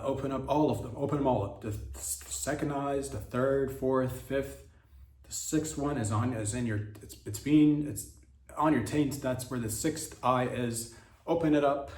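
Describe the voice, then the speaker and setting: A man's voice: mid-range voice, darkish tone, distant mic. Man, comedy podcast host, rambling irreverent monologue, echoey room. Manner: rambling, irreverent rhetorical riffs.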